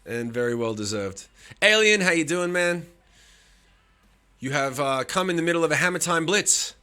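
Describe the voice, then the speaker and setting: Bright-voiced, profane male streamer. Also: on the high side, lively intonation, moderate pace, clean tone. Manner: profane, teasing, bursts of laughter. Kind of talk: casual live-stream chat.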